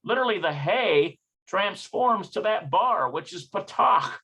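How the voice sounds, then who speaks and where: A man's voice: high voice, animated, a little slow, sharp tone, slightly rough. A man working through a textbook lesson aloud, hesitant and self-correcting as he sounds out words. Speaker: language learner teaching from a textbook. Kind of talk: thinking-aloud study session.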